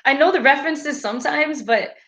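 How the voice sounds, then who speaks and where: A woman's voice: high voice, brisk, sharp tone. A woman from South Carolina with a Southern accent, chatting as a guest over a video call and laughing often. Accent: Southern American. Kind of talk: casual chat.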